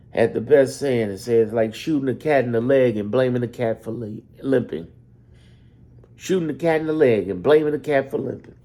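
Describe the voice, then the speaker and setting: A man giving a casual, animated ranting monologue as a political commentator, swinging from low mutters to loud outbursts.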